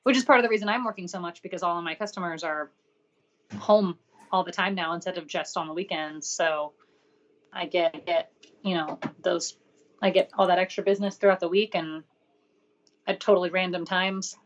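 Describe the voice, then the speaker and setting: A woman's voice: on the low side, steady tone, moderate pace, highs cut off. A woman co-hosting a podcast, chatting casually with a dry, sarcastic edge. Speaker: podcast co-host and business owner. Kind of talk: casual discussion.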